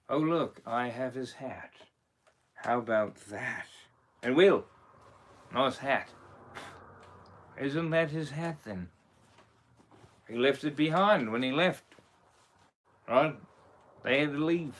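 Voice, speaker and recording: Taking it slowly and pausing often, a man in a mid-range, slightly bright voice impersonates a rum-loving, swaggering pirate captain. He chats on a live stream in mock pirate talk, all in fun.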